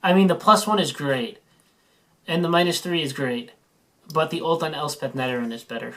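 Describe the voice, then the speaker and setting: A woman as a guest in a casual card-game chat, confident and explaining her choices calmly. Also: deep voice, moderate pace. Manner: confident, explains with calm reasoning.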